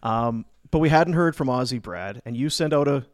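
A man's voice: medium pitch, moderate pace. A man hosting a casual sports podcast, joking with his co-hosts and reading ad spots. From Canada. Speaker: podcast host.

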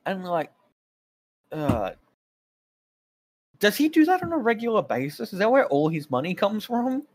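A man's voice: high-pitched, sing-song, a little slow. A young man co-hosting a casual comedy podcast, making wry, swearing jokes as he recaps a show. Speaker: podcast co-host.

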